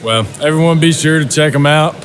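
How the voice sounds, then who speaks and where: A man's voice: on the high side, a little fast, a little hiss or hum. A man hosting a casual podcast interview, asking easy questions and wrapping up in a laid-back way. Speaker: podcast host.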